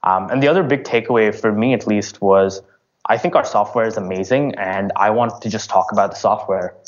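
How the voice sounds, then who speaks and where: Brief: lower-voiced man, casual interview guest, stops and restarts a lot, muffled lo-fi audio. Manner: halting, many fillers and restarts. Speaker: startup founder.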